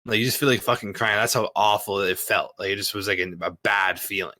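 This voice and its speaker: Profane, forceful man telling a story. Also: lowish voice, brisk, no room sound. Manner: profane, filler-heavy, animated retelling. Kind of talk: casual storytelling.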